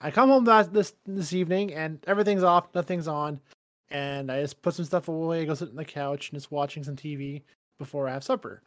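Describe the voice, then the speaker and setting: A man co-hosting a podcast in casual chat, excitable, swearing and laughing as he talks. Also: fairly high pitch, a little fast, dry recording. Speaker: podcast co-host.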